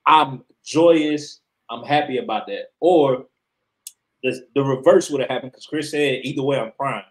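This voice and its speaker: A man's voice: mid-range voice, unhurried, rough recording. Emphatic, profane man on a sports podcast. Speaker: podcast co-host. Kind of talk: casual sports chat.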